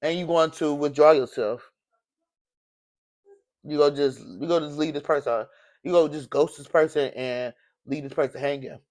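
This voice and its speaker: A man's voice: on the high side, moderate pace, long pauses, darkish tone. A man giving a casual tarot reading in an emotional, preachy way, often repeating phrases. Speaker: tarot reader.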